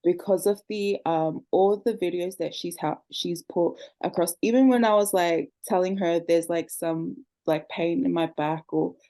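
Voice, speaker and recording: A woman's voice: on the low side, a little slow, hardly any pauses, warm tone. A woman speaking earnestly on a casual group video call, with many fillers. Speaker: group member.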